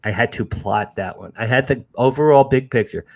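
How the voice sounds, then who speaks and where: A man's voice: medium pitch, a little fast. A man in his sixties from New Jersey, an author guest telling a story animatedly, often restarting and repeating words. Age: 60s. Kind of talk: casual storytelling.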